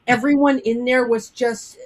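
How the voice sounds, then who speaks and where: A woman's voice: fairly high pitch, fairly even intonation, unhurried. A woman in casual chat over a video call, sympathetic and chiming in.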